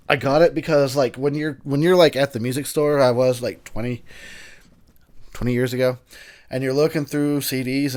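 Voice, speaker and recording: A man in his late thirties or forties, a bit tipsy, hosting a loose, joking movie commentary that wanders with fillers and restarts. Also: medium pitch. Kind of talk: casual drunk movie commentary.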